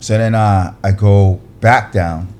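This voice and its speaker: A man, a podcast guest who works as an actor and director, telling a lively anecdote and acting out other people's lines. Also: takes it slowly, slight background noise. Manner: lively, acts out other people's lines with big pitch jumps. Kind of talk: animated storytelling anecdote.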